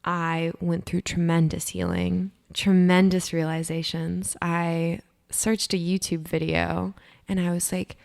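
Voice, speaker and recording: Young woman on a podcast, kinda low gravelly voice, blunt and emphatic, swears a lot. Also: little pitch movement, measured pace, hardly any pauses, a little mellow. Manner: candid, emphatic, swears freely. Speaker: podcast co-host. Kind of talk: casual chat.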